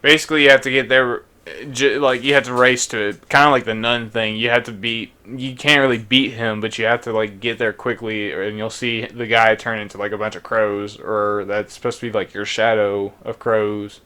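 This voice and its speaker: A young man giving casual, rambling let's play commentary, thinking out loud. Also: on the low side, level tone, moderate pace, smooth. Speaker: gaming YouTuber.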